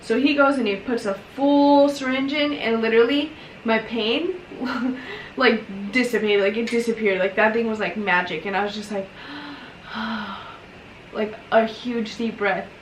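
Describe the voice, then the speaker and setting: A woman's voice: on the high side, moderate pace, slight background noise. A young woman casually telling a personal story while doing her makeup, chatty and emotional, with lots of fillers. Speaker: vlogger. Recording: roomy echo, mic at a distance.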